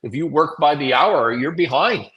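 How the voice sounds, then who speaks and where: A man's voice: fairly high pitch, lively intonation, moderate pace, dull audio, slight background noise. A man hosting a live business commentary show, wry and amused, often laughing at his own points and giving punchy readings of quotes. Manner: mocking emphatic read-outs of quoted rants.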